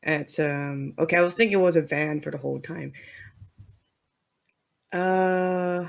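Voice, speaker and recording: A tabletop game player thinks aloud, hedging and giggling between questions to the game master. The voice is ordinary and mid-pitched. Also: unhurried, vocal fry. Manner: giggly, hesitant. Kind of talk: casual tabletop play.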